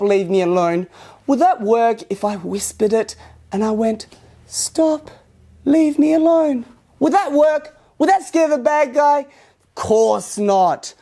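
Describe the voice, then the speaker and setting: A woman from Australia teaching a kids karate class, upbeat and encouraging, with loud karate shouts between instructions. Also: medium pitch. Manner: upbeat, encouraging, talking to young children. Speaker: martial arts instructor.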